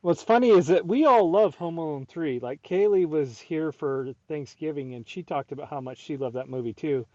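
A man with a mellow, fairly high voice adds short, approving comments to a film chat. His mic sounds dull, lo-fi and dry. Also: normal speed, hardly any pauses, no room sound. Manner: brief, approving remarks. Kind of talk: casual movie chat.

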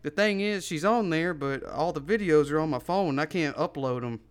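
Man imitating a beaming, loud, chatty stranger, high and bright; quick comic impression. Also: smooth, lightly acted. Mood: cheery. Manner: effusive, religious, calls everyone brother. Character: cheery, friendly stranger man proud of his dog.

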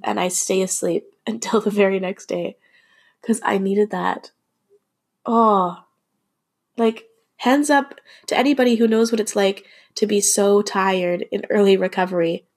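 Young woman rambling thru a personal story, emotional and candid, swears some, restarts a lot, mid pitch.

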